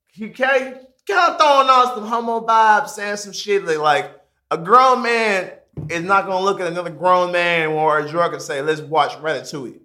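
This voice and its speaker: Bright-voiced young man telling a story. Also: a little hiss or hum. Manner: animated, jumps into high squeaky voices when quoting himself; swears freely, drops to a mumble on asides. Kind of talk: casual storytelling among friends.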